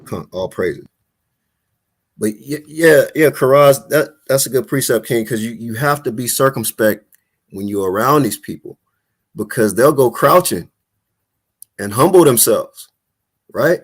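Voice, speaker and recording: A man hosting a live Bible study call, talking in a casual, animated, preacherly way. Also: mid-range voice, a little slow, pauses often, slightly rough. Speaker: host of an online Bible study talk.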